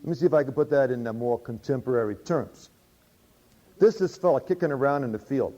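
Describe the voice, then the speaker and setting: Mellow folksy preacher man. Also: mid-range voice, brisk. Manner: humorous, drawling, conversational. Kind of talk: folksy sermon storytelling. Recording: dull lo-fi recording.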